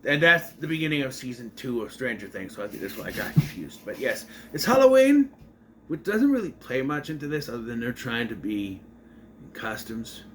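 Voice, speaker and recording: A man's voice: mid-range voice, wildly swooping pitch, fairly quick, a bit bright, slight background noise. A young man reviewing a TV episode in a casual, meandering way, often correcting himself as he talks. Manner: meandering, self-correcting, chatty. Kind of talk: casual rambling recap.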